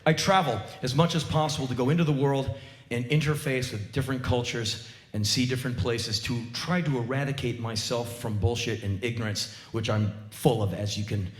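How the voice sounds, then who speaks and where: An American man in his forties giving a live spoken word monologue on a theater stage, ranting intensely and profanely in rapid bursts. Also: medium pitch, steady tone. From United States. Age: 40s. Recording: roomy live theater recording.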